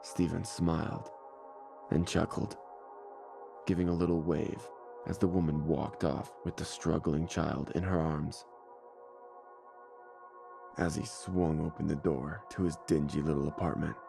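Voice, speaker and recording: A man narrating a scripted horror story in a measured, deliberate way, with music playing behind him. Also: a bass voice, steady tone, gravelly. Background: faint music score.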